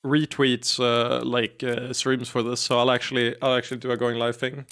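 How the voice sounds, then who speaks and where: A male streamer chats casually through a story game. He rambles and swears freely, in a mid-pitched voice. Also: completely flat delivery, normal speed, fairly bright tone, clear, resonant tone. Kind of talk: live-stream game commentary.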